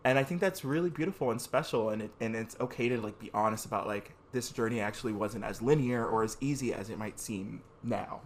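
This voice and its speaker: A man's voice: on the low side, brisk, hardly any pauses, slight background noise. A man hosting a podcast, speaking in a thoughtful, affirming way with long, flowing sentences. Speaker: podcast host. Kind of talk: reflective conversation.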